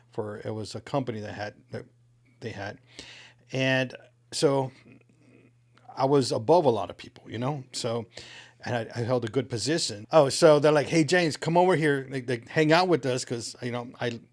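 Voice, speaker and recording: Male co-host, mid-pitched, rambling self-mocking storyteller. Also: a little mellow. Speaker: podcast co-host. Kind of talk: casual chat, storytelling.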